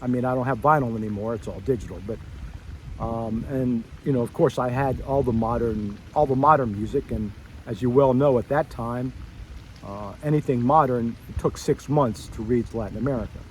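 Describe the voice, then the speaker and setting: A middle-aged man tells old classmates a story from his school years, wandering off into asides and correcting himself as he goes. He acts out his younger self's surprised reactions, and a faint noise sits behind the mid-pitched voice. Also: normal speed, low-quality recording. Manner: storytelling, acts out his own past reactions with rising excitement. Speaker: former student addressing a school reunion. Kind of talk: personal reminiscence to old classmates.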